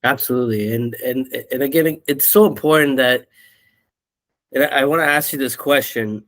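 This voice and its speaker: A man's voice: mid-range voice, normal speed, a bit bright. A man hosting a podcast interview, affirming his guest and asking questions. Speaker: podcast host.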